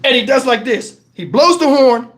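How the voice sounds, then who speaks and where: High-voiced man telling stories on a live stream. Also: moderate pace. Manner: animated, profane, laughs through his stories. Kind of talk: casual storytelling on a live stream.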